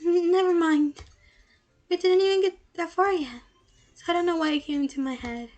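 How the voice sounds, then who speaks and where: A woman reading the lines of a shy, polite young bookish woman in a game, in a soft, hesitant way close to her own voice. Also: very high-pitched, normal speed, lo-fi sound, soft background music, voice pushed up.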